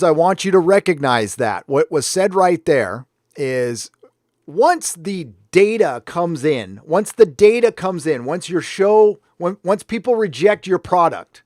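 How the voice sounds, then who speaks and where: A man's voice: high voice, no echo, studio quality. Ranting American man on a livestream. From United States. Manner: blunt, ranting, swears freely. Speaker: livestream host. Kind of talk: casual commentary livestream. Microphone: headphones on while talking into a desk mic.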